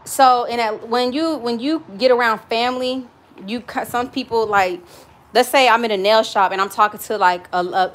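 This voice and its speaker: In her home kitchen, a Southern-accented young woman who vlogs about cooking talks casually and bluntly, sharing stories with plenty of swearing. Her mid-range voice has a fairly bright tone.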